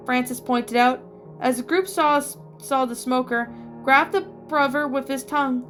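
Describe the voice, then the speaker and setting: High-voiced woman reading a story. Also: steady tone, fairly bright tone. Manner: halting reading with restarts. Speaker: story reader. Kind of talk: reading fan fiction aloud. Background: faint music.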